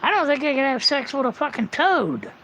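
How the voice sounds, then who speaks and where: A man's voice: extremely high pitch, lively intonation, brisk, fairly bright tone, slight background noise. A man livestreaming a casual, rambling monologue, blunt and full of swearing, on muffled lo-fi audio.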